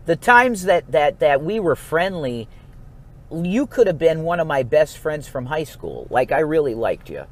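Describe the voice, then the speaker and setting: A man vlogging in a rambling, profane monologue, swinging between low mumbles and sudden outbursts. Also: very animated, a little slow.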